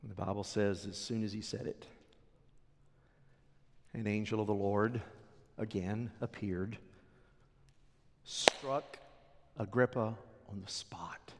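A man preaching a sermon as a pastor, telling the story with animated drama. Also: lowish voice, measured pace, creaky, long pauses. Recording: long hall reverb.

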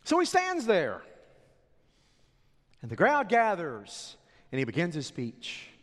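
A man preaching a sermon as a pastor, telling the story with animated drama. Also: high voice, slow pace. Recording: long hall reverb.

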